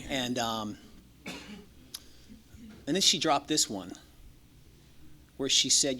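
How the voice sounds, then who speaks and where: A man's voice: medium pitch, lively intonation, normal speed, long pauses, pushed and bright, a little hiss or hum. A man sharing his own recovery story as a speaker at a meeting, candid and profane, joking and acting out the voices of others. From Los Angeles. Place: meeting room.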